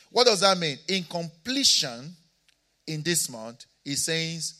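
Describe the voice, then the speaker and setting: A man with an African accent, a pastor preaching a sermon, moving between quiet asides and shouted declarations. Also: on the high side, lively intonation, a little fast.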